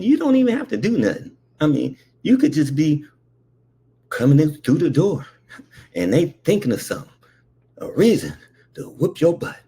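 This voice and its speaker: Man, storyteller, gravelly, husky, swoops all over in pitch, stammers, does the voices. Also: a little mellow. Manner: stammering, acts out quoted voices. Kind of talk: comic childhood storytelling.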